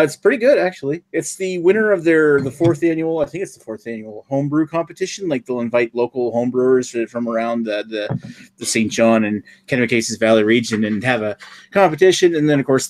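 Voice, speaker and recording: A man from New Brunswick chatting on a livestream, relaxed and matter-of-fact with dry jokes. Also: mid-range voice, fairly quick. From New Brunswick, Canada. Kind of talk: casual chat on a livestream.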